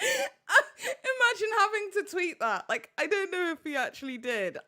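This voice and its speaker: A woman's voice: extremely high pitch, sing-song, a little slow, pushed and bright. A woman hosting a watch party, reacting casually with lots of giggles, hesitations and trailing fillers.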